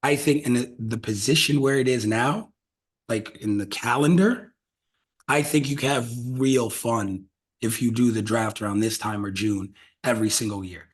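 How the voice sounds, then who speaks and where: A man hosting a casual podcast, talking loosely and profanely as he brainstorms out loud. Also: mid-range voice, moderate pace. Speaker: podcast host.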